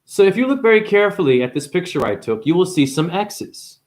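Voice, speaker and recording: A man's voice: high-pitched, sing-song, darkish tone. Profane, preachy man ranting. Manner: profane, emphatic, rhetorical questions; slows down hard for emphasis. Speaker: spiritual vlogger and store owner. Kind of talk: improvised preachy rant.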